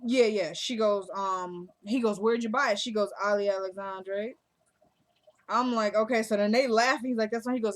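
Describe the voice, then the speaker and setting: A woman casually recaps a TV drama episode, telling the story in a chatty, loose way. She keeps slipping into the characters' lines with quick quoted asides. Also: mid-range voice, fairly even intonation. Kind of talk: casual recap, acting out dialogue.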